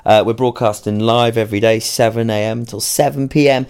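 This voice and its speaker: A man's voice: mid-range voice, steady tone, brisk, creaky, darkish tone, smooth. Enthusiastic man, radio presenter. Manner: enthusiastic, filler-heavy, promotional. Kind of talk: casual on-air chat.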